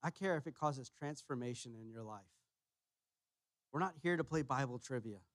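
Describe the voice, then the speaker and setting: A man preaching a sermon as pastor, emphatic, repeating his key phrases and pushing louder on each point. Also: mid-range voice, moderate pace, no echo. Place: church sanctuary.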